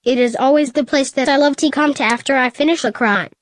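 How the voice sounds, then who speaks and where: A woman voicing a dark, brooding male hedgehog criminal in a flat, matter-of-fact delivery. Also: high voice, fast, natural voice.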